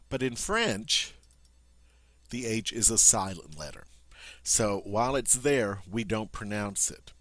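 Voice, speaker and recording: A man's voice: lowish voice, animated, measured pace, a bit bright, dry recording. A man teaching a pronunciation lesson, patient and explanatory, demonstrating sounds and checking in with his listeners. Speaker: language teacher.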